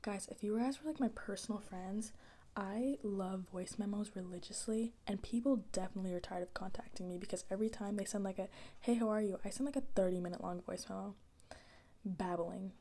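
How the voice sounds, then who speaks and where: A young woman rambles through a soft-spoken ASMR chat, full of slang and easy asides. Her voice is mellow and rounded, and she keeps dropping into breathy whispers between stretches of quiet talk. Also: medium pitch, fairly quick. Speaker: ASMR creator.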